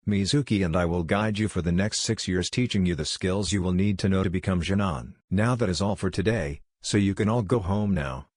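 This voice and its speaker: A man reading the lines of a calm young male ninja teacher in his own deep, plain voice. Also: fairly quick, few pauses, dry recording, studio quality. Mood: instructing.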